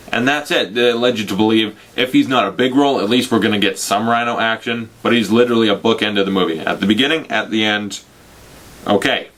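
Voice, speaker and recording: A young man rants casually through a spoiler-filled film review, slipping into mocking quoted voices. His voice is somewhat low yet a bit bright, and he swears freely with a sarcastic edge the whole way through.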